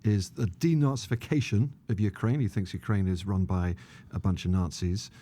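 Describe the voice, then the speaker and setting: Deep-voiced retired general. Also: male voice, steady tone, normal speed, mellow. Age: middle-aged. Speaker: podcast co-host, retired army general. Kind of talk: measured analytical podcast talk.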